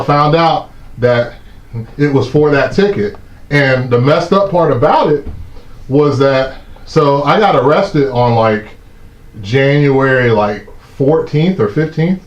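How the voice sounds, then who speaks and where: A man, hosting a live stream and telling a story in a casual, animated way, swearing often and acting out the shouting cops. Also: fairly high pitch. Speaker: host of a live stream talk show. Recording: echoey muffled room sound.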